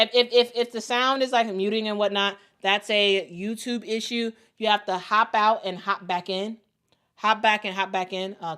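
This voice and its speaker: A young woman with a Chicago accent hosting a casual sports livestream, talking in a halting way with lots of fillers and restarts. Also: medium pitch, fairly bright tone, smooth. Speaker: sports show host. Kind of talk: casual livestream chat reading super chats.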